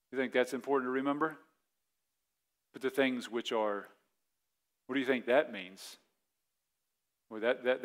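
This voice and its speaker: A man in his forties preaching a sermon as pastor, in a conversational way, acting out quick voiced asides. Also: medium pitch, fairly bright tone.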